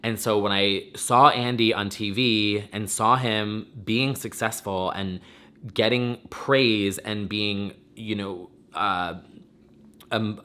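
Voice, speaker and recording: A man who is both a vlogger and podcast host delivers a casual, emotional monologue on his own vlog, effusive and rambling, teary and near crying. His voice is on the low side and a bit bright.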